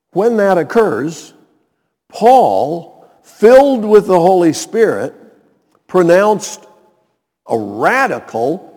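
Animated male preacher in a reverberant hall. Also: fairly high pitch. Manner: emphatic preaching, checks in with listeners. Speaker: pastor. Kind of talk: sermon. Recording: long reverb in a large hall.

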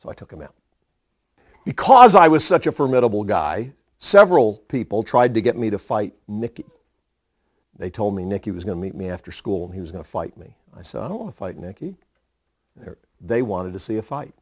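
A man's voice: lowish voice, a little fast, no echo, clean studio sound. A male pastor telling stories in a sermon to young people, acting out the voices of the people he quotes. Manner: animated storyteller who acts out quoted voices.

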